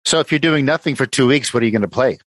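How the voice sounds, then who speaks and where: A man hosting a gaming podcast, theatrical and playful, swinging into booming mock-solemn and jokey voices. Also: rapid-fire. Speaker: podcast host. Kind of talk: casual podcast intro.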